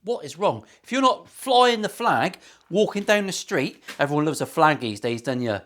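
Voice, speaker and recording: A middle-aged luthier hosts his own workshop video, filling it with sweary, self-mocking, rambling banter. His fairly high, fairly bright voice swings widely in pitch at a moderate pace.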